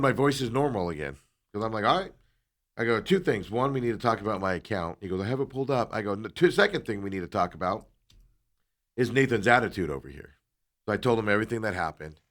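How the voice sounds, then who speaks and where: A man co-hosting a talk show, his voice on the low side, tells a long story in a casual manner. He brings the people in it to life animatedly, at times shifting into quiet asides.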